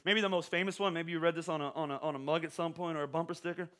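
Bright, high-voiced animated pastor. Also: male voice, very fast. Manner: animated, joking preacher with stammering restarts. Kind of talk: sermon. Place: church auditorium.

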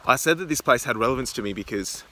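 A man's voice: medium pitch, quick pace, a little hiss or hum. Rambling young man vlogging. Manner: rambling, excitable, filler-heavy. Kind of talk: casual vlog narration. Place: in a car and outdoors.

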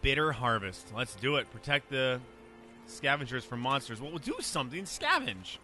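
A man chatting through a video game playthrough, cracking jokes and bantering with the characters on screen. His voice is of middling pitch for a man. Game music plays clearly underneath his talk. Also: normal speed, bright, forceful tone. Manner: joking, chatty, talks back to game characters. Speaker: gameplay commentator. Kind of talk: let's play commentary.

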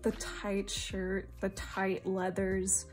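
A young woman from Singapore chatting excitedly at home while unboxing, gushing and laughing often. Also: medium pitch, drawn-out words, soft background music. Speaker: unboxing vlogger. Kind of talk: excited casual unboxing chat.

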